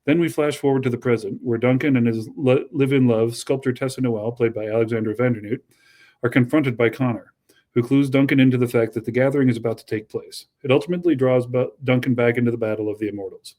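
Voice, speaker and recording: Man co-host of mid pitch, reads magazine text steadily, breaks into casual chat. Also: quick pace. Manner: steady reading with casual asides. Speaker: podcast co-host. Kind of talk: reading a magazine article aloud and chatting.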